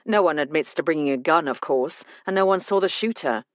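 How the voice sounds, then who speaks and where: Woman voicing a measured police detective husband. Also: deep voice, animated, dry recording. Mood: matter-of-fact. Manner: measured, explanatory.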